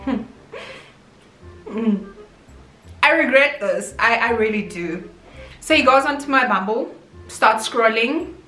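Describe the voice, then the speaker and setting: A woman's voice: a little high, expressive, slow pace, long pauses, pushed and bright. A young woman from South Africa with a South African accent, chatting expressively to her viewers in a casual storytime vlog. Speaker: YouTuber. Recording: roomy echo, faint background music.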